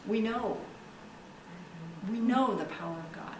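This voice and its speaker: A woman pastor with a slightly high, somewhat slow voice preaches a sermon and leads prayer, speaking emphatically and drawing out key words for effect. The recording has an echoey room, a distant mic, and faint hiss.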